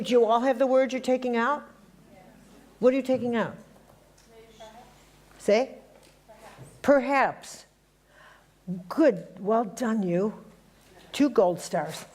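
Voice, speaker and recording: Slow-talking woman leading a workshop. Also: fairly high pitch, a little mellow. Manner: conversational and teasing, quizzing the audience. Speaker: workshop leader. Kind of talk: spiritual workshop teaching to a live group.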